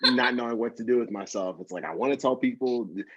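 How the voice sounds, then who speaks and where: A man's voice: medium pitch, quick pace, fairly bright tone, no echo, highs cut off. Encouraging man hosting an interview. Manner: encouraging, many fillers and repeats. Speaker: podcast host and co-founder. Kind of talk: interview and motivational talk.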